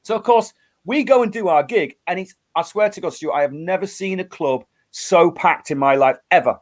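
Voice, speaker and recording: Animated man telling a story. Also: high-pitched, normal speed. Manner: animated storyteller, acts out quotes, many restarts. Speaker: guest musician. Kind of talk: storytelling in a casual interview.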